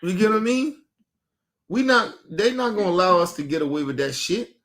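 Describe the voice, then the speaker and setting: A man's voice: high voice, a little fast. A man in his thirties hosting a casual streamed podcast, talking loosely and profanely, acting out quotes as he tells stories. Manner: profane, animated storytelling with acted-out quotes. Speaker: podcast host. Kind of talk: casual chat. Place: home studio, streaming.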